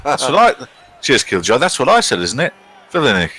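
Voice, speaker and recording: A man's voice: medium pitch, huge pitch swings, a little fast, pushed and bright, breathy edge, rough recording. A middle-aged British man commentating on a live game stream and reading out viewer chat in a chatty, wry, self-mocking way. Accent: British English.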